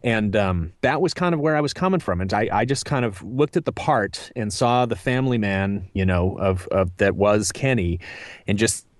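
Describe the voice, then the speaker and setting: A man's voice: fairly low pitch, dry recording, clean studio sound. A middle-aged man, a voice actor, answering interview questions in a thoughtful, meandering way with many fillers. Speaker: voice actor guest.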